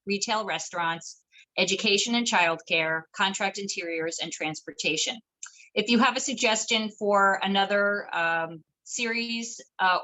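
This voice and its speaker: Woman reading webinar intro off a script, bright crisp voice, formal. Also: medium pitch, low-quality recording. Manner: formal, announcing list items. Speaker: webinar moderator. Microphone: video call.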